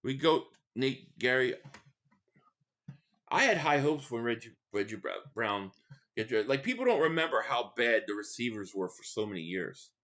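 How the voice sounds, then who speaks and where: A man's voice: medium pitch, big pitch swings, moderate pace, fairly bright tone. A man from the Philadelphia area live-streaming a football game, rambling in casual chat, reading out viewer messages and giving blunt fan opinions.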